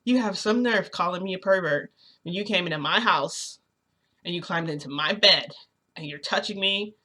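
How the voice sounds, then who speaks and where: A woman's voice: on the low side, moderate pace, sharp tone. Woman quoting a stern, accusing man.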